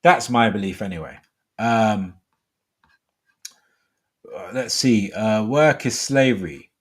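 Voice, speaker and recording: A man's voice: lowish voice, takes it slowly, breathy edge. A middle-aged man hosting a live call-in show, talking in a rambling way full of fillers.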